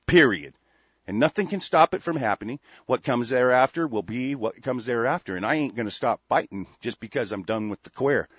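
A man's voice: mid-range voice, expressive, a little fast, a bit bright, husky, no echo, dull audio. A male radio show host delivering a profane, combative monologue. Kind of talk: heated monologue on internet radio.

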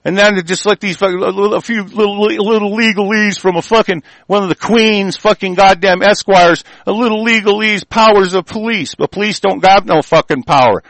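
A man's voice: high-pitched, fairly quick, gravelly, few pauses, no room sound, rough recording. Heated profane man ranting. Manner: heated, profane, shouting tirade. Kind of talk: angry political rant.

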